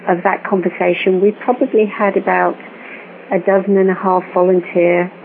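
A woman guest telling a long personal story in an animated way, recorded over a phone line. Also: mid-range voice, moderate pace. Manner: animated storytelling, acts out quoted voices. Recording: tinny phone line with faint hiss.

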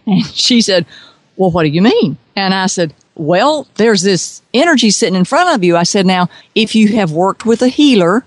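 A woman's voice: medium pitch, animated, normal speed, no room sound. A woman working as an intuitive consultant, telling a story with animation and acting out the voices in it. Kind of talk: storytelling on a radio podcast.

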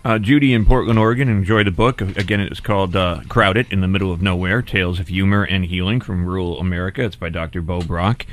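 A middle-aged man hosting a casual radio talk show, loose and rambling, with fillers and quick asides. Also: sits low, fairly even intonation. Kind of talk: casual on-air radio chat.

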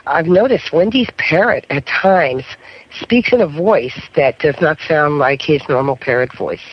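A man's voice: on the high side, a little slow, a little hiss or hum. Middle-aged male guest, paranormal investigator; storyteller, frequent check-ins; dull lo-fi radio audio. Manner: storytelling, keeps checking in with "okay?". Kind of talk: radio talk show interview. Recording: muffled radio broadcast.

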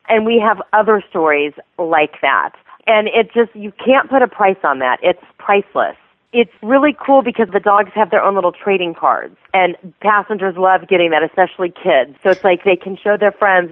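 A woman's voice: on the low side, normal speed, dry recording. A woman who runs a therapy dog program, telling stories with enthusiasm and frequent laughter during an interview. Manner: bubbly, laughs often, enthusiastic. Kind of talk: phone interview storytelling. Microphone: phone. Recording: tinny phone line, dry.

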